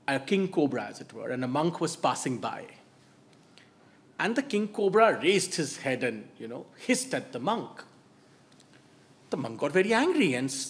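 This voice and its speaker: A male author giving a public talk, telling stories in an animated way and dropping to soft asides. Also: a little high. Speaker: author and speaker.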